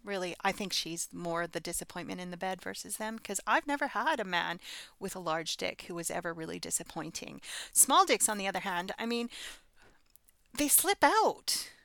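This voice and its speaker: A woman's voice: on the low side, animated, moderate pace, vocal fry, fairly bright tone, no echo. A woman telling a story in a casual, blunt and frank way, breaking into laughing asides.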